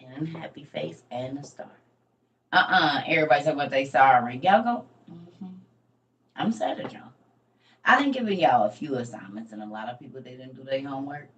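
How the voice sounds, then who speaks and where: Low-voiced woman, chatty. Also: lively intonation, a little fast, a bit bright, highs cut off. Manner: chatty, rambling, folksy. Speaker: livestream host and teacher. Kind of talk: casual livestream teaching. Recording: distant mic with faint background noise.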